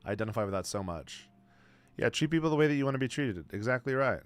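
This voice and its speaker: Speaking fast in an animated mid-range voice, this twenty-something streamer responds to his chat. He's blunt and slangy, tossing around bro and man constantly.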